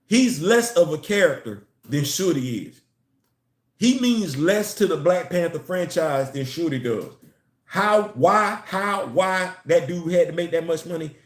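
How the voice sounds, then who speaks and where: A man's voice: fairly high pitch, expressive, a little slow, echoey room. A man giving a casual, emphatic opinion vlog on comics and culture, repeating his phrases to drive points home.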